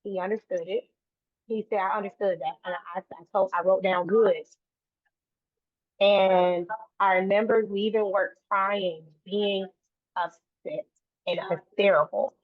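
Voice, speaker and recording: Brief: woman guest, earnest and rambling, mid-pitched, dry tinny phone-like sound. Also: fairly even intonation, measured pace, no room sound. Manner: earnest, run-on sentences with frequent restarts. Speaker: guest, autism advocate. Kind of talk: conversational interview.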